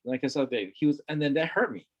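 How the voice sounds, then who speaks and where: The audio is dull, and the voice belongs to a middle-aged Hawaiian man speaking fast at a fairly high pitch. He's a guest in a casual conversation, earnest and prone to repeating words for emphasis.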